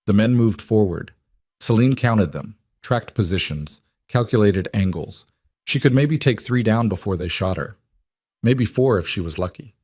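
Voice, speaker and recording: Low, dry male story narrator. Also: moderate pace, slightly rough, no echo. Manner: steady, grave storytelling. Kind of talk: scripted dramatic narration.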